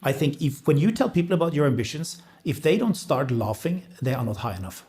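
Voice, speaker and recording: A man's voice: fairly high pitch, very animated, brisk, darkish tone. A man from Norway, a fund chief and podcast host, answering interview questions energetically with frequent fillers and restarts. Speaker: sovereign wealth fund CEO and podcast host. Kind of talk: casual interview conversation.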